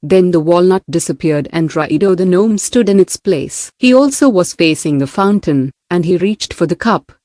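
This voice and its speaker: A woman narrating a classic storybook aloud in a steady, even reading. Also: fairly low pitch, moderate pace, hardly any pauses, no room sound, clean studio sound. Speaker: audiobook narrator.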